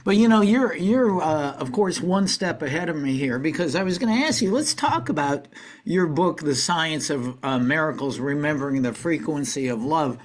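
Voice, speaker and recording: A man hosting an interview podcast, asking his guest about her book in a halting, warm way. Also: a little high, animated. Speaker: podcast host. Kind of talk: interview questions.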